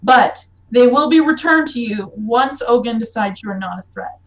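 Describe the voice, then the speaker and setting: A woman's voice: on the high side, lively intonation, moderate pace, voice pushed down, poor audio. A woman voicing a serious, dutiful female guard captain in a firm, businesslike mock Australian accent.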